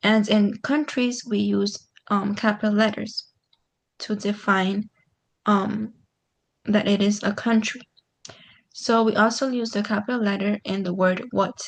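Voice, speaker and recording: Gravelly-voiced woman teaching grammar online. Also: mid-range voice, fairly even intonation, a little slow. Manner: patient, explains step by step with many "um"s.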